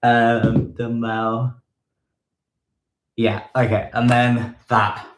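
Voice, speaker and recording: Slow halting man in an echoey room. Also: mid-range voice, level tone. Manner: slow, halting, thinks aloud with many ums and self-corrections. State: a bit out of breath. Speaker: fitness vlogger leading a live workout. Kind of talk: casual live workout instruction. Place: room at home.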